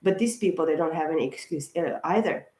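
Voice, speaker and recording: A woman's voice: low voice, a little fast, dark tone. Chatty woman reader in an echoey room. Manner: chatty, rambling, repeats "of course" and "guys", gets worked up. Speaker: tarot reader and channel host. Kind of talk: casual astrology reading to camera.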